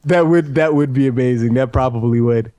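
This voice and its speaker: A man's voice: mid-range voice, a little fast, dark tone. A young man hosting a casual podcast chat, rambling and swearing, restarting his phrases. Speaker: podcast host.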